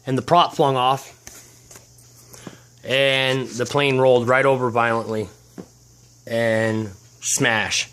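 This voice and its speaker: Man, casual vlog, agitated, swearing, halting restarts, mid pitch, indoors at home. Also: little pitch movement, a bit bright, slight background noise. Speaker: RC plane hobbyist vlogger.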